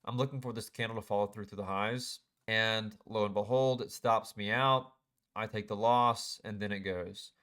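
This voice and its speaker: A man's voice: fairly low pitch, steady tone, normal speed, a bit bright. A young man casually recapping his trading day over a chart, self-critical and frustrated as he talks through his mistakes. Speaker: day trader. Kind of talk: casual screen-share trade recap.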